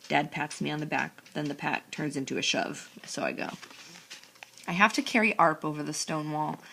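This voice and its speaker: Low, gravelly woman narrating a storybook. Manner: sarcastic, expressive. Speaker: audiobook narrator. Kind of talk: first-person audiobook narration.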